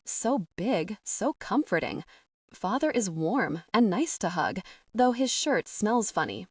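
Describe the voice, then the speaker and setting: A woman narrating a fantasy audiobook in the first person, with a measured, expressive reading. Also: on the low side, dry recording. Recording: dry, somewhat distant from the mic.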